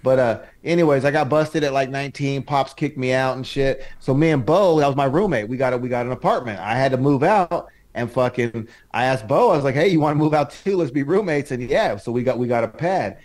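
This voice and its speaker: A man's voice: medium pitch, a little fast, few pauses, a little mellow. A man co-hosting a podcast, telling raunchy stories in loose, profane, boisterous chat. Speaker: podcast co-host. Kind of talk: crude casual chat.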